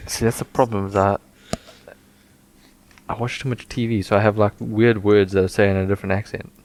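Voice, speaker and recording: A man co-hosting a casual podcast, reading book passages aloud slowly and dramatically between chat. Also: lowish voice, level tone, a little mellow, a little hiss or hum. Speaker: podcast co-host.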